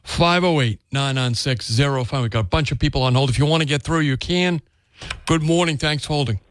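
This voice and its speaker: A man's voice: a little high, a little fast, clean tone, no echo. A man hosting a call-in radio talk show, chatting casually and often restarting words. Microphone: studio microphone.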